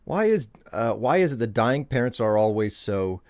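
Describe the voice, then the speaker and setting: A man's voice: medium pitch, sing-song, moderate pace, few pauses, darkish tone, no room sound, clean studio sound. A man chatting casually to his live-stream chat while he plays, rambling and joking. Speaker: game streamer.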